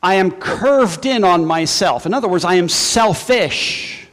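A man's voice: high voice, lively intonation, a little slow, a bit bright. Guy preaching a sermon, talks casual with little jokes, long echo like a big hall. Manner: conversational preaching with asides and humor. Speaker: pastor.

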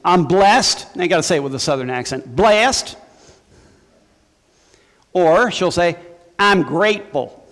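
Male pastor, high voice, chatty sermon delivery, reverberant hall sound. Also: animated, brisk, hardly any pauses. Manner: conversational preaching with asides and humor.

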